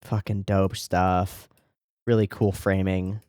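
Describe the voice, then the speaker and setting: Male reaction host, fairly low voice, dry close sound, casual and excitable, swears a lot. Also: normal speed, dry recording. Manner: enthusiastic, swears freely, frequent restarts. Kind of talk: casual episode commentary.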